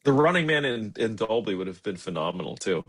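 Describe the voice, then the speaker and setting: A young man co-hosting a movie podcast, chatting in a relaxed, agreeable way with casual swearing. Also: lowish voice, fairly quick. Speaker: podcast co-host. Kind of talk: casual chat.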